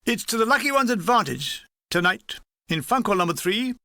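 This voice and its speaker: A man voicing a scheming army bombardier who makes his pitch in sly, measured patter. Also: sing-song, bright, forceful tone, no echo, clean studio sound, exaggerated voice.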